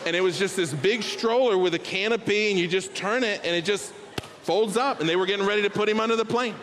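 A man preaching a sermon, telling family stories with lively bursts and then dropping to a hushed, earnest tone. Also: high-pitched, quick pace, a little hiss or hum. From Bahamas. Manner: storytelling, swings from loud animated bursts to hushed earnest tones. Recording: long reverb of a large hall.

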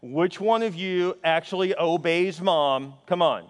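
High-voiced man preaching in a big reverberant hall. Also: measured pace. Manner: lively, conversational, joking with the congregation. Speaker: pastor. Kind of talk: sermon. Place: large church hall.

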